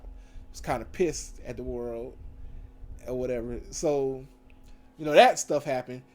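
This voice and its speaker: A man recapping TV episodes in a casual, slangy, animated way, full of fillers and self-corrections. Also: mid-range voice. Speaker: TV show reviewer. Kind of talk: casual recap with acted quotes.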